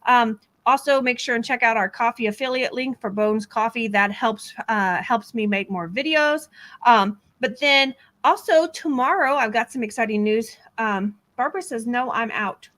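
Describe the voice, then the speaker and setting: A woman's voice: on the high side, normal speed, a bit bright. A woman from Texas hosting a casual livestream, reading viewer comments aloud in a chatty way, laughing often and using many fillers. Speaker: true crime host.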